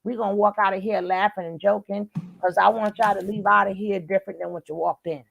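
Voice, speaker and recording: Faint music plays behind a gravelly, mid-range woman's voice as she hosts a live chat fairly quickly in a steady tone. She hails from Brooklyn, New York, has the accent to match, and chats warmly, calling people baby and darling.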